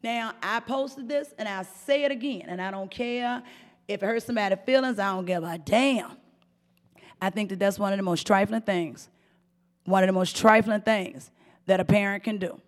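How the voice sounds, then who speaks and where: A middle-aged woman hosting a profane, animated commentary rant, often mimicking voices and laughing. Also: mid-range voice, normal speed, in a large hall. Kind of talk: ranting commentary monologue.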